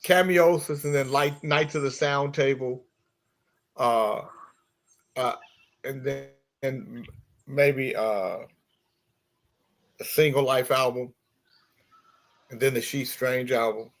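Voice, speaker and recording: A man's voice: mid-range voice, takes it slowly, long pauses. A man hosting a casual morning talk show, chatting with his co-hosts and greeting listeners by name. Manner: animated storyteller, shifts voice for quoted characters. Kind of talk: joke telling and casual chat.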